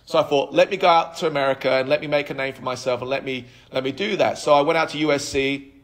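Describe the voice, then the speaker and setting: A man in his thirties, a podcast guest telling his life story in an animated way, with frequent restarts. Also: medium pitch, fast. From United Kingdom. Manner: animated, acts out quoted dialogue, frequent restarts. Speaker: podcast guest, app co-founder.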